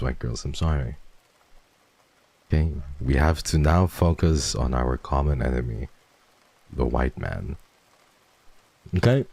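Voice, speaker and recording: A man with an extremely deep, gravelly voice, chatting casually with his livestream viewers. He teases and swears freely, lurching from loud bursts to quiet murmurs. His tone is dark and mellow, recorded close and dry. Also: no room sound. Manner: playful and teasing, swings between loud bursts and hushed murmurs. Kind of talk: casual livestream chat, reading donations.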